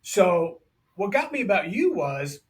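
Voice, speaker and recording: A man's voice: high-pitched, very animated, unhurried. Enthusiastic chatty male podcast host. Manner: chatty and enthusiastic, calls guest brother. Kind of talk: casual interview chat.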